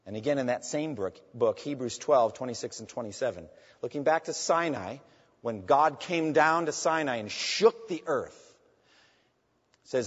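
A man delivering a sermon, rising with force as he reads scripture and dropping low and quiet when he turns to address his friends in the pews. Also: expressive, moderate pace, husky. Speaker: pastor. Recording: dull reverberant hall sound.

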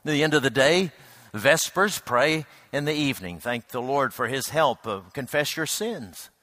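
Bright-voiced man preaching a sermon. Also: mid-range voice, expressive, no room sound, clean studio sound. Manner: reflective, unhurried, with hesitant restarts.

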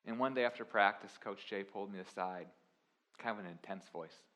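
A young man preaching a sermon, swinging from quiet confessional lines to loud, emphatic preaching. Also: fairly low pitch, a little fast. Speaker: pastor.

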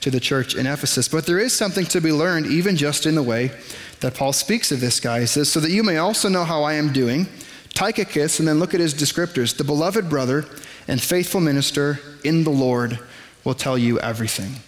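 A man preaching a sermon in a conversational, self-deprecating way, with quick asides to the congregation. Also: on the high side, big-room sound. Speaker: pastor. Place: church sanctuary.

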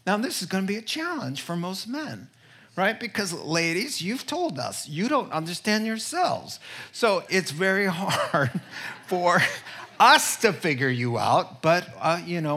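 A man in middle age delivers a sermon full of jokes and stories, and he keeps turning straight to his listeners. His voice sits a little high and rings bright and forceful. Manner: joking, storytelling, addresses the audience directly. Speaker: pastor. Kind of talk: humorous sermon.

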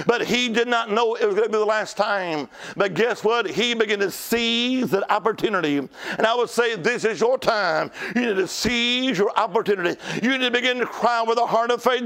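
A man preaching a fervent revival sermon, calling out to the congregation and shouting in bursts. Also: high voice. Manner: call-and-response with the congregation; shouts and drawn-out cries. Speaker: traveling preacher.

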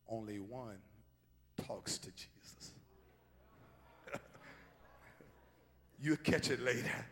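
A male pastor preaching a sermon, swinging from hushed asides to shouted call-and-response. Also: medium pitch, slight background noise. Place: church sanctuary. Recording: long hall reverb.

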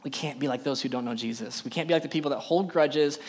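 A man's voice: medium pitch, fast talker. A young adult man preaching a sermon to a youth group, emphatic and full of rhetorical questions. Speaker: youth pastor.

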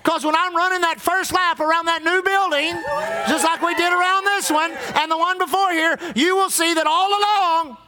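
A man's voice: very high-pitched, fairly even intonation, normal speed, noisy background. A man preaching a sermon as pastor, impassioned and repetitive, drawing out emphatic lines.

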